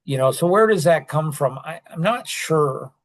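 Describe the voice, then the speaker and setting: A man's voice: fairly high pitch, lively intonation, normal speed. An older man hosts a loose, casual podcast conversation. He rambles, leans heavily on fillers, and often breaks off and restarts his sentences. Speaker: podcast host.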